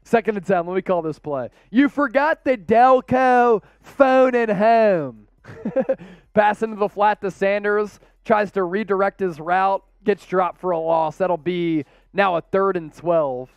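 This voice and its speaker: A man hosting a rowdy live-stream watch party, calling plays in an excitable, laughing, casual manner. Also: high-pitched, a little slow, gravelly, smooth, no echo, muffled recording. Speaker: host.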